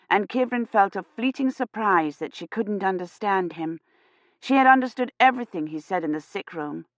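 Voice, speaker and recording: A woman narrating an audiobook in a measured, even storytelling manner. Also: medium pitch, dry recording. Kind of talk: scripted narration.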